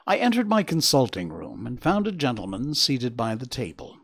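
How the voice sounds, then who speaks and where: A male narrator reading a classic story aloud in a measured, dramatic way. His voice has a gravelly grain and swings widely in pitch to color each scene. He sits at a middle pitch for a man. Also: huge pitch swings.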